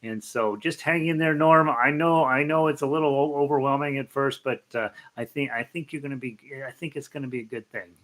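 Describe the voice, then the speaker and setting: A man's voice: mid-range voice, brisk, hardly any pauses, fairly bright tone. Middle-aged guy teaching uke on a livestream, rambly and friendly-sounding, lots of ums, says hi to people in chat. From United States. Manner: chatty and rambling, many fillers and restarts. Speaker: ukulele teacher hosting a live stream. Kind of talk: casual chat greeting viewers by name.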